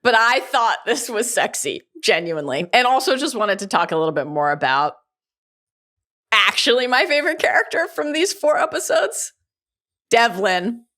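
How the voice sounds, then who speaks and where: Bright, lively woman podcast co-host. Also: fairly high pitch, moderate pace. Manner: gushing, laughs often. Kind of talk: casual pop-culture podcast chat.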